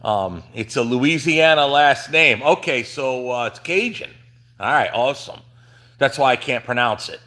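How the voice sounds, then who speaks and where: A middle-aged New Jersey man who runs a trucking channel chats casually on a livestream from his truck shop. His medium-pitched voice is sharp, with lively intonation and a slightly slow pace, and he rambles with lots of fillers and restarts.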